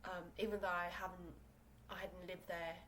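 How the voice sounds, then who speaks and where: Her fairly low voice has a level tone and a fairly bright quality, delivered at normal speed over poor audio with slight background noise. She's a young South Korean podcast host speaking English as a second language, rambling through a casual solo show from her small room with lots of fillers and restarts.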